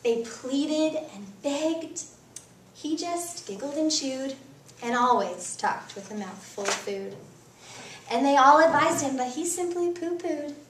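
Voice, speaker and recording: A woman reading funny children's poems aloud, with playful, animated storytelling. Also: high-pitched, a little slow, slight background noise. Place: classroom. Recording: echoey room, mic at a distance.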